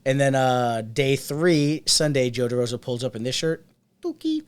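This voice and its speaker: A male podcast co-host tells a story in casual chat, animatedly acting out the people he quotes in other voices. His voice is smooth and mid-range, at normal speed.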